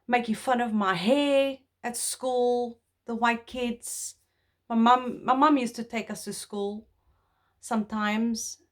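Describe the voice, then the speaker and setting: Young South African woman, heartfelt, slow and rambling to camera. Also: fairly high pitch, steady tone. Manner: earnest, heartfelt, rambling with restarts. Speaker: vlogger. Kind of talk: personal talk to camera.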